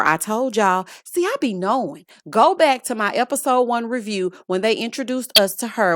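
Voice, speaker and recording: A woman's voice: on the high side, no echo, studio quality. Sassy woman in her late thirties recapping reality TV. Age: late 30s. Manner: sassy, animated, scolding asides with endearments. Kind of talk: casual recap commentary.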